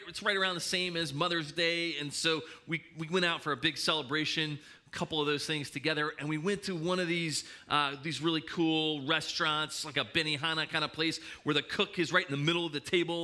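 A middle-aged male pastor preaching in a church, with a very bright, forceful voice. He speaks a little higher than most men and tells his stories in an animated way, often restarting mid-sentence. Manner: animated storytelling with hesitant restarts. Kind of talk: sermon.

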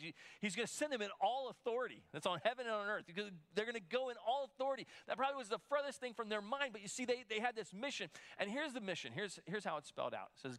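Male pastor preaching to his congregation; a slightly raised pitch, loose conversational delivery with frequent restarts. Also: animated, fast talker, hardly any pauses, a bit bright. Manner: conversational, repeats words when restarting. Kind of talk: sermon.

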